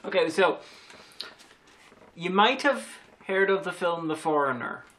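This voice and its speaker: A man's voice: sits high, expressive, unhurried, fairly bright tone. A Northern Irish man chatting casually about a film, with wry, rambling asides. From Northern Ireland. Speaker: co-host. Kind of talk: casual film review chat.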